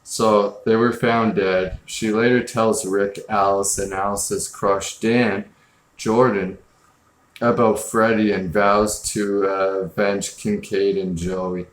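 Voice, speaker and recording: A man hosts a laid-back film review, rambling bluntly and swearing freely between fillers. His voice sits on the low side. The room around him is roomy and echoey. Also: little pitch movement, takes it slowly, slight background noise. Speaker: film review podcast host. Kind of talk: casual film review chat.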